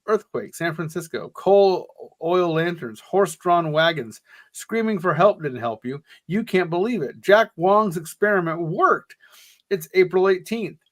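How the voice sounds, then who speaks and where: Casting note: upbeat male co-host, slightly higher voice, jokey, animated storyteller. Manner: jokey, animated, quick asides. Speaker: podcast co-host. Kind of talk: casual chat and reading a gamebook aloud.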